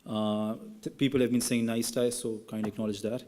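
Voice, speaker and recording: This graduation speech comes from a young man at a podium microphone, echoing through a large hall. He's earnest at first, then teases his classmates playfully, speaking at a moderate pace in a mellow, medium-pitched voice with a flat delivery.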